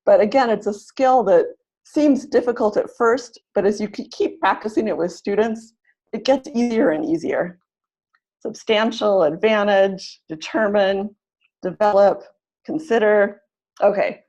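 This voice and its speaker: A woman leading an online teaching webinar, upbeat, who slows down to sound out words syllable by syllable. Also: mid-range voice, gravelly, warm tone, husky, muffled recording. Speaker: teacher trainer.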